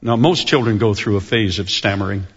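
A man preaching a sermon and telling stories, with a lively, animated delivery that slows down to stress key words. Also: on the low side, breathy edge. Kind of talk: sermon storytelling. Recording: dull lo-fi recording.

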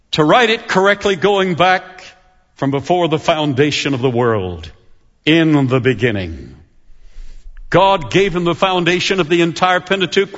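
A man preaching a sermon and telling stories, with a lively, animated delivery that slows down to stress key words. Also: high-pitched. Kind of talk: sermon storytelling. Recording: dull lo-fi recording.

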